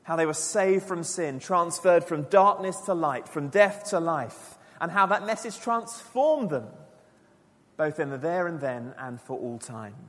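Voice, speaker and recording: A man preaching a sermon to his church, earnest and emphatic, dropping his voice low and quiet for key lines. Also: a little slow. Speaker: pastor. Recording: long church reverb.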